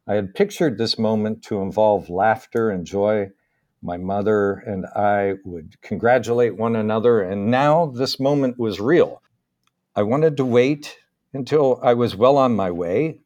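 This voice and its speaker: Middle-aged guy reading his own story, kinda low voice, slow careful pauses. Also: darkish tone. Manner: measured, unhurried, with small pauses. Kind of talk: reading a personal story aloud.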